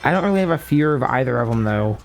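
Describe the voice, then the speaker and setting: A man talks loosely as he plays a video game on stream. His voice sits in an ordinary middle pitch, and he wanders between thoughts, teases himself and drops casual curses. Faint game music runs underneath. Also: lively intonation, quick pace, vocal fry. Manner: rambling, self-mocking, swears casually. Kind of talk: casual gaming stream chat.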